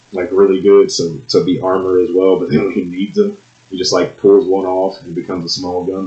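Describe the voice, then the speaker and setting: A man casually reviewing movies, swinging between loud excited bursts and mumbled asides. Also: low-pitched. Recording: echoey room, dull lo-fi sound.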